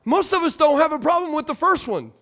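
A man's voice: very high-pitched, lively intonation, fairly quick, a bit bright. A man preaching a sermon with call-and-response, playful asides and repeated phrases for emphasis. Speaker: pastor.

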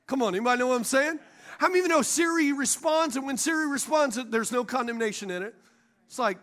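A male pastor with an unusually high voice delivers a sermon from the stage microphone. He jokes and pulls the congregation into call-and-response. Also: lively intonation, fast talker, fairly bright tone. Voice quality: high voice for a man. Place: church sanctuary.

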